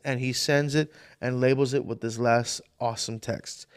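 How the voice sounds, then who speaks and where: A man's voice: medium pitch, steady tone, normal speed, few pauses, smooth. A male pastor preaching a livestreamed sermon with fervent intensity, repeating phrases for emphasis.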